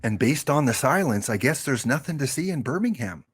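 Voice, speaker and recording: A man's voice: medium pitch, sing-song, a little fast, slightly rough. A man streaming a game live, chatting and joking with his viewers. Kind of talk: casual live-stream chat.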